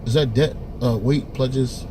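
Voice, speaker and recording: A man teaching and preaching in a forceful, emphatic way, often tagging his lines with "man" and restarting phrases. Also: mid-range voice, fairly even intonation, unhurried, slight background noise. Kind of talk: preaching street-style commentary.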